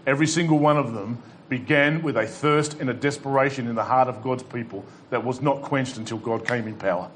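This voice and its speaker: A man's voice: medium pitch, brisk, slight background noise. A male pastor preaching a sermon to a congregation, fervent and exhorting, with dry humorous asides. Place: church hall with congregation.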